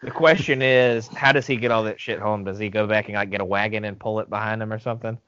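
A man co-hosting a podcast, giving lively, joking commentary on a film. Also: on the low side, fast talker, clear, resonant tone. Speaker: podcast co-host. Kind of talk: casual live-watch banter. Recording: dry, dull lo-fi podcast audio.

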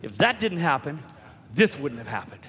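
A man preaching a sermon, telling a story with repeated words and rising to shouts at key points. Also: a little high, sing-song, moderate pace. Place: church hall. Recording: long reverb of a church hall.

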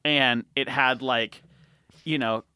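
A man's voice: mid-range voice, slow, smooth, no room sound. A man co-hosting a comedy podcast in casual chat, laughing often as he reads things aloud. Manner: animated, laughs often while reading aloud. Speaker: podcast co-host.

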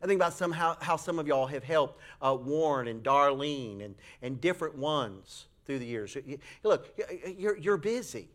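High-voiced preacher. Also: male voice, moderate pace, few pauses. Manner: folksy, animated storytelling with acted high-pitched quotes. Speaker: pastor. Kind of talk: sermon with a personal story.

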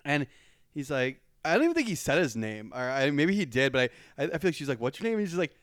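Man, podcast co-host, smooth clear voice, easygoing casual chat. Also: medium pitch, very animated, fast, fairly bright tone, no echo, clean studio sound. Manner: easygoing, agreeable, lots of fillers.

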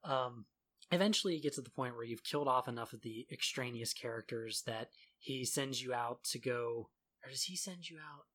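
A man's voice: medium pitch, normal speed, fairly bright tone. A man in casual chat about a video game, sarcastic and laughing often as he mocks the characters' lines.

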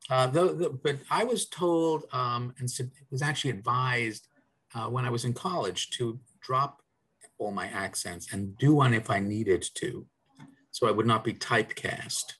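A man's voice: medium pitch, moderate pace, a bit bright, slightly rough. A man from South Africa, middle-aged or older, talking as a guest on a podcast in a rambling way, with restarts and fillers. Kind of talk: casual interview chat.

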